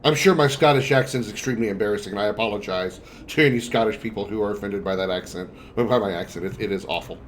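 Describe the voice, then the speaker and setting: A man's voice: lowish voice, fast talker, few pauses, slight background noise. A man livestreaming a video game, chatting casually and making wry remarks to his chat.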